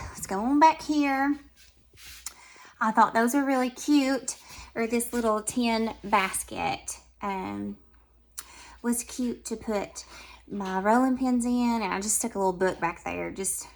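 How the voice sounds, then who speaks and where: A woman with a Southern US accent and a slightly high voice gives a casual, affectionate tour of her home decor as a vlogger. Her remarks drift between soft and tender and brighter, livelier moments.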